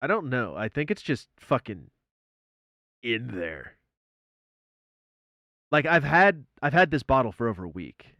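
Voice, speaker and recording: A man streaming live, chatting casually in an animated way, swearing freely and exclaiming loudly. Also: medium pitch, unhurried, long pauses, dry recording.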